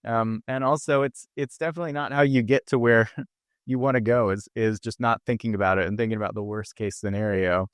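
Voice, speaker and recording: A man's voice: lowish voice, steady tone, fairly quick, clean tone, no room sound, clean studio sound. A man speaking as a podcast guest, explaining ideas in an earnest, conversational way. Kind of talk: conversational interview.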